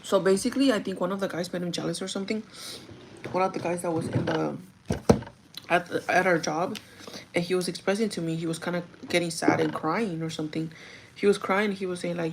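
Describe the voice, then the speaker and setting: Young woman, low voice, gravelly, livestream chat, rambling, "like" fillers, Spanish words mixed in. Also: brisk, darkish tone, slight background noise, rough recording. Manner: chatty, confiding, many "like" fillers. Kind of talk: casual get-ready-with-me chat.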